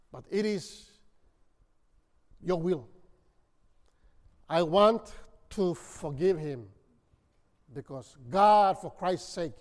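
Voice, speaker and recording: A man preaching a sermon, telling a story dramatically and swinging from loud to hushed. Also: high-pitched. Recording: long reverb of a hall.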